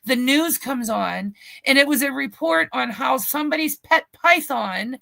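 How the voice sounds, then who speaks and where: A middle-aged woman co-hosting a podcast, telling a family story in an animated, swearing way and acting out the quotes. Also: sits high, a little slow, creaky, dry recording. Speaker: podcast co-host. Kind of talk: casual storytelling chat. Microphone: podcast mic, remote stream.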